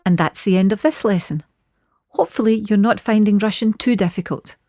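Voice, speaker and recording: A woman teaching a short scripted language lesson, saying phrases slowly and clearly for learners to repeat. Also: mid-range voice, warm tone, no room sound, faint music behind. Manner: clear, slow modelling of phrases.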